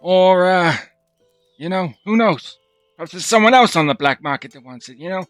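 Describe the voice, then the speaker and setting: A man's voice: high voice, animated, moderate pace, no echo, faint music behind. A man playing a tabletop game, talking loosely and casually in character. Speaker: player voicing Withers.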